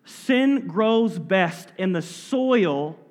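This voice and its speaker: A man preaching an expository sermon, reading scripture aloud and then driving his points home with emphatic asides and sudden quiet drops. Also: high-pitched, lively intonation, very slow. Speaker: pastor. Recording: long reverb of a large hall.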